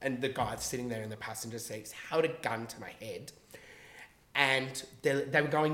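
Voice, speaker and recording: A man telling a long personal story in casual chat on a podcast. He is animated and swears freely, and he acts out the quotes in his story. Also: medium pitch, moderate pace, reverberant.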